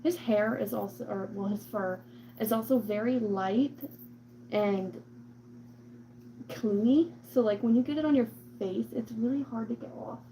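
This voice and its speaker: Unhurried and a little high with a dark tone, her voice rambles through a casual to-camera chat about her cat, thick with "like" and "um," before sliding into baby talk with the cat. The recording is rough, with slight background noise.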